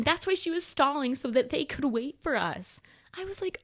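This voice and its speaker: A young woman co-hosting a podcast, telling a story in an animated, exasperated rush, full of "like"s. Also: high-pitched. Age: young adult. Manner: animated, rushed, exasperated retelling with many "like"s. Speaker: podcast co-host. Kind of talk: casual storytelling.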